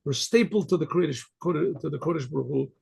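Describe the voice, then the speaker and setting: A rabbi tells a story in a rambling, conversational manner, often restarting as he goes. His voice is on the high side, gravelly and husky yet a little mellow, and he speaks at a quick pace.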